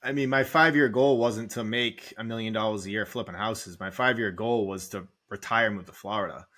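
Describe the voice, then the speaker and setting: Bright-voiced man, emotional rambling storyteller. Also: lowish voice, steady tone, brisk. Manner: rambling, heavy "like" filler, emotional. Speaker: real estate investor guest. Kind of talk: candid podcast storytelling.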